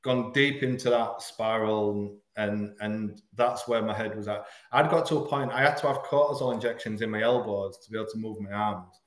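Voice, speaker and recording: A man from Hull, frankly telling a painful personal story as a podcast guest, halting at the hardest moments. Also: on the low side, steady tone, reverberant. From Hull, England. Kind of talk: candid personal storytelling in an interview.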